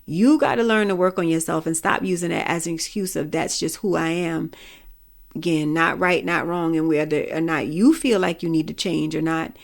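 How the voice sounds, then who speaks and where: A middle-aged woman hosts a podcast and speaks her mind in a candid, blunt monologue. Her voice sits low and carries a gravelly fry. She swears now and then. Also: fairly quick, hardly any pauses. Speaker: podcast host. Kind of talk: casual opinion monologue.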